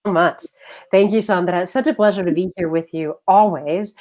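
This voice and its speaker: A woman's voice: lowish voice, moderate pace, darkish tone. A woman guest author on a talk show, speaking with eager enthusiasm. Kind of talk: interview conversation.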